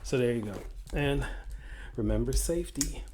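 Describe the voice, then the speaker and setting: A man's voice: mid-range voice, normal speed, very noisy. A man chatting casually as he unboxes and reviews a fidget toy, rambling with playful asides. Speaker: product reviewer.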